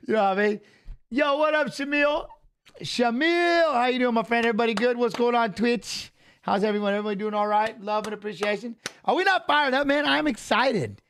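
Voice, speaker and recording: A man with a fairly high voice hosts a live watch-along in a relaxed, chatty way. He talks straight to his viewers and greets them by name, with plenty of loose filler between his remarks. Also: moderate pace, a little hiss or hum. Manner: chatty, greets viewers by name, peppers talk with "you know what I'm saying". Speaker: livestream host. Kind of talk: casual live-stream chat.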